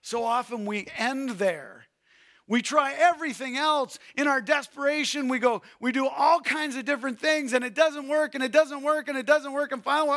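A man preaching a sermon as pastor, swinging from shouted urging to hushed, quiet pleading. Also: extremely high pitch, moderate pace.

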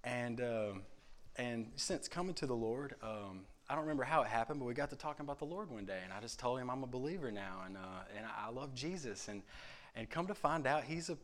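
A young man giving a casual morning devotion, halting with many ums and repeated words, and acting out chats with coworkers. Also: mid-range voice, expressive, fairly bright tone. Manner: acts out conversations with coworkers. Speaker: church speaker giving a devotion.

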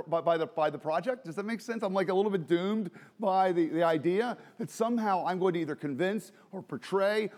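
Animated, self-deprecating male pastor preaching. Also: high-pitched. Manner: animated, self-deprecating, with frequent restarts and laughs. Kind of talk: sermon. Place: church during a worship service.

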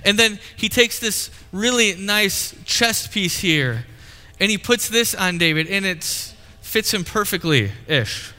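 Bright-voiced pastor preaching in a reverberant hall. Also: male voice, sits high, animated, slow pace, few pauses. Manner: storytelling, acts out quotes playfully. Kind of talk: sermon with live demonstration.

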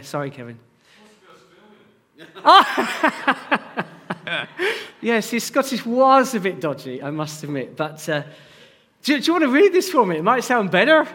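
A man preaching a sermon and talking directly to his congregation in a lively, engaging way. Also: a little high. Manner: animated, addresses the congregation directly. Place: church.

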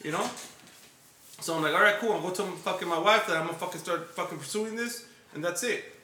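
A man's voice: high voice, fast talker, sharp tone, roomy sound, recorded from a distance. A man hosting a podcast and telling a long story in casual, profane chat. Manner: profane, laid-back storyteller. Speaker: podcast host.

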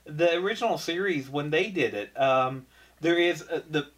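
A man's voice: on the high side, normal speed, a bit bright, distant mic. A man co-hosting a casual group podcast, rambling through a story with many restarts and asides. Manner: rambling, restarts often, laughs at his own jokes. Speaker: podcast co-host.

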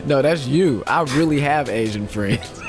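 A man co-hosting a podcast, explaining things plainly and teasing his partner. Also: medium pitch. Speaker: podcast co-host. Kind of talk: casual chat.

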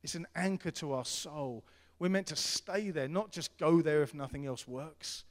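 A middle-aged man preaching a sermon as pastor, earnest and repetitive, swinging between loud appeals and hushed tones. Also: on the high side, moderate pace. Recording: long hall reverb.

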